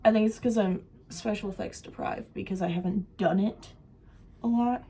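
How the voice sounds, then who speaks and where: A young woman vlogging while she does special effects makeup, chatting casually and poking fun at herself, sometimes trailing off into soft mumbles. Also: medium pitch, steady tone, moderate pace, breathy edge, low-quality recording. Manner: chatty, self-mocking, drifts into soft mumbles. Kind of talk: rambling casual chat while doing makeup.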